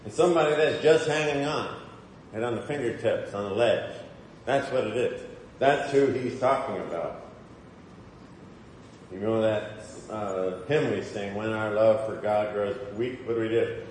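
A man preaches in a casual, questioning way to his congregation. His voice sits a little low and carries a long, roomy reverb. A faint hum of the hall hangs behind him. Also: a little slow, a little mellow. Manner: conversational, asks the congregation questions. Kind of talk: sermon. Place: church hall. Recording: echoey hall, faint ambience.

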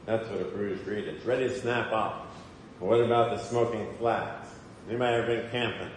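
A man's voice: on the low side, steady tone, fairly quick, slight background noise. A man giving a conversational sermon in a church hall, often putting questions to the congregation. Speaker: preacher. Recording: echoey hall, faint ambience.

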